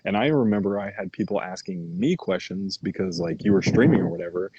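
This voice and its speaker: A man's voice: deep voice, a little fast, dark tone, breathy edge, muffled recording. A young man hosting a casual podcast chat, laid-back, with lots of "like" and "man". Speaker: podcast host.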